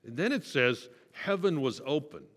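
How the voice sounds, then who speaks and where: A man's voice: on the high side, lively intonation, moderate pace. A male pastor giving a sermon, teaching conversationally and asking the listeners rhetorical questions. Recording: long reverb of a large hall.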